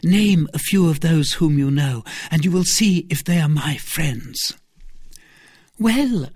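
A reader voicing a cunning, deceitful noblewoman in a storybook reading, with a raised, expressive character voice. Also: mid-range voice, a little slow, husky, dry recording, clean studio sound, pitched above the performer's own voice. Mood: guarded.

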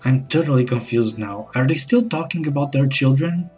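A man hosting a comedy podcast, playing a baffled dinner guest with slow, hesitant, bewildered replies. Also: medium pitch, a little mellow, faint music behind. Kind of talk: comedy sketch and podcast narration.

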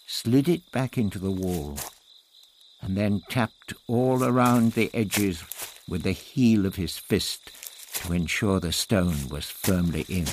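A man narrating a story as an audiobook in a measured storytelling manner. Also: low voice, slight background noise.

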